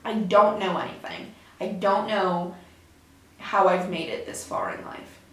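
A woman's voice: fairly low pitch, fairly even intonation, measured pace, fairly bright tone, breathy edge. A young woman hosting her own podcast, chatting casually, rambling and self-deprecating, swearing now and then. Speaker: podcast host. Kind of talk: casual solo chat. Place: room at home with door open. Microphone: desk mic.

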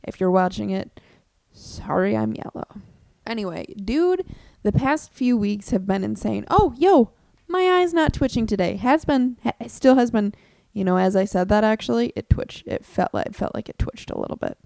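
A woman's voice: mid-range voice, animated, moderate pace, gravelly, warm tone, no room sound, clean studio sound. A young woman hosting her own podcast, chatting casually, rambling and self-deprecating, swearing now and then. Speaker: podcast host. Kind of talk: casual solo chat. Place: room at home with door open. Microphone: desk mic.

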